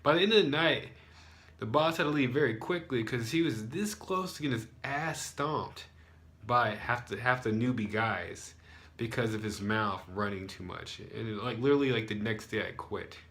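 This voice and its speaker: A man's voice: mid-range voice, normal speed, fairly bright tone. A young American man, an English teacher, telling a story casually with lots of fillers and sarcastic asides. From United States.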